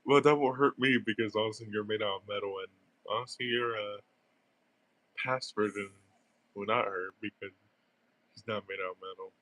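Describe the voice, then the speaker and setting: A man's voice: lowish voice, steady tone, moderate pace, pauses often, fairly bright tone. A young man with a stuffy nose, rambling through casual gameplay commentary with lots of fillers and giggles. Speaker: gaming streamer.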